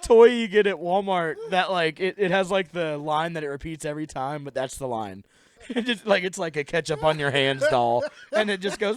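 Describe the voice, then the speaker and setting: A man's voice: high-pitched, expressive, normal speed, a bit bright. A young man co-hosting a podcast, telling a story in a rambling, laughing way and acting out quotes in silly voices. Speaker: podcast co-host. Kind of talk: casual chat, storytelling.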